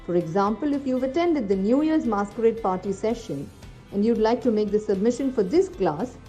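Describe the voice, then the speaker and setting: A woman giving a clear, friendly, step-by-step voice-over on how to use an app. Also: on the high side, expressive, moderate pace, dark tone. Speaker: app tutorial presenter. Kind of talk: instructional voice-over. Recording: faint music behind.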